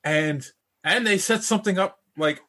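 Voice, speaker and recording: A man's voice: high-pitched, normal speed, pushed and bright. A man co-hosting a podcast in casual chat, gushing with eager enthusiasm. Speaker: podcast co-host.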